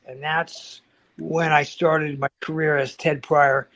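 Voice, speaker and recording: A man's voice: on the high side, moderate pace, rough recording. A man in his sixties, a martial arts grandmaster, telling stories as an interview guest with lots of restarts and acted-out quotes. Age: 60s. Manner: animated storyteller, acts out quoted voices, many restarts. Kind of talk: casual storytelling interview.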